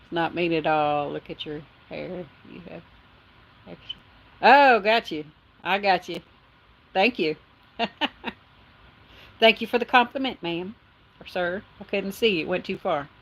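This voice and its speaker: A middle-aged woman hosts a casual livestream from her phone, talking in a slightly low voice. She chats easily, reads out comments from viewers and laughs often between remarks. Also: slow, pauses often. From Texas. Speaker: livestream host.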